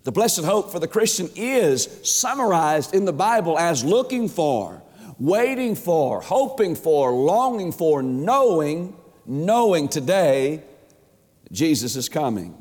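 A man preaching an emphatic sermon as a pastor, stretching words and swinging his pitch up and down. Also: very animated, slow pace, a little mellow. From Georgia, USA. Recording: long hall reverb.

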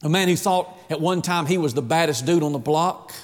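A middle-aged man preaching a sermon in an animated way, acting out the voices of God and of people. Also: fairly high pitch, fairly quick, long reverb tail.

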